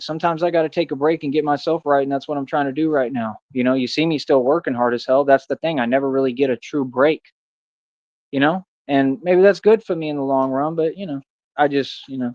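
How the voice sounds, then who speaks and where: A man's voice: medium pitch, darkish tone, dry recording. A man talking earnestly in a casual vlog monologue, leaning on "man" and "bro" for emphasis. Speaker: street performer in a Batman costume. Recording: dull lo-fi dry sound.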